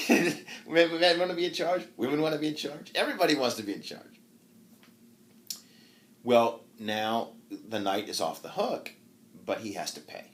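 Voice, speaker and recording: A man's voice: fairly high pitch, very animated, normal speed. A man giving a university literature lecture who retells a story with animation, acts it out, and laughs often. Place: classroom.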